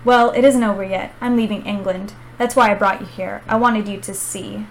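A woman reading aloud as a furious male villain, in a loud, ranting read. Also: mid-range voice, fairly even intonation, normal speed, a little hiss or hum, lightly acted, rough recording.

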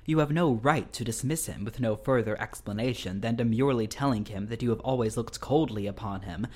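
A man's voice: mid-range voice, brisk, a little mellow, close to an everyday voice. A man reading the lines of a stern, coldly angry elderly guardian in a Victorian story, formal and scornful.

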